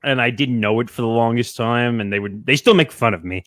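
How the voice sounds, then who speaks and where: A man co-hosting a casual podcast chat, telling stories in a relaxed, easygoing way. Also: medium pitch, fairly quick, no room sound, studio quality. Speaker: co-host.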